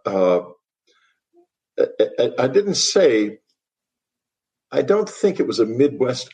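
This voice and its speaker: Older guy on a podcast, low voice, blunt and dismissive, laughs things off. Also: a little mellow. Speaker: author and guest. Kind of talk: podcast interview.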